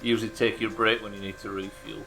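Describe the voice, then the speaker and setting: Bright-voiced British man joking with chat. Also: fairly low pitch, little pitch movement, fast talker, gravelly, slight background noise. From Britain. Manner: dry, joking banter with chat. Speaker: streamer. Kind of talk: casual live-stream commentary to chat.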